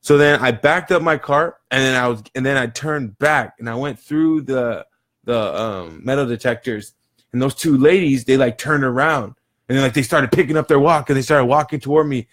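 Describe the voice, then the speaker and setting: Animated man telling a rambling story. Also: medium pitch, moderate pace. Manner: animated, rambling, laughs between phrases. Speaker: vlogger telling a daily story. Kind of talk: casual storytelling to camera.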